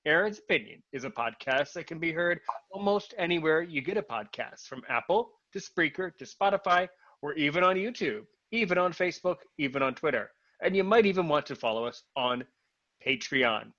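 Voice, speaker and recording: A man's voice: on the high side, lively intonation, brisk, pushed and bright, dry recording, highs cut off. A man hosting a podcast interview, upbeat and playful. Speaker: podcast host.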